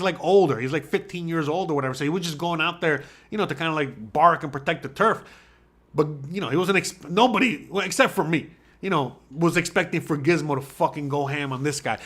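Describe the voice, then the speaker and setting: A man hosting a podcast, telling a rambling, profane story in a casual way and acting out barks and his own shouts. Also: high-pitched. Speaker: podcast host.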